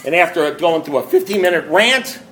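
A man's voice: on the high side, animated, fairly quick, fairly bright tone. Wry, emphatic man telling his story. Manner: wry, self-mocking humor; emphatic, repetitive build-ups. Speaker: speaker at a recovery meeting. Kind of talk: storytelling talk.

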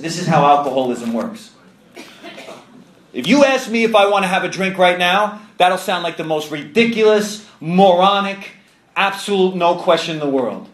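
A man on the higher side of pitch recounts his own story for a live audience at a meeting, his voice echoing around the room. He pokes fun at himself and drops into other people's voices along the way.

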